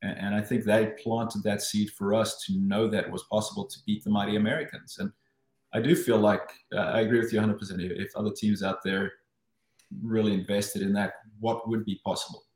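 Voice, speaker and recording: A fairly low-voiced man from South Africa recalls his swimming days in a lively, storytelling way. He often restarts his sentences and acts out what went through his head. The room around him sounds roomy and echoey. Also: a little fast. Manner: animated, with frequent restarts and acted-out inner voices. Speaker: guest, former Olympic swimmer. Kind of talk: casual interview storytelling.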